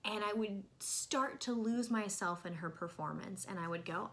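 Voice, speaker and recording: A young woman talking casually to camera in a film review vlog, animated and exasperated, jumping from loud outbursts to soft asides. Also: medium pitch, normal speed, few pauses.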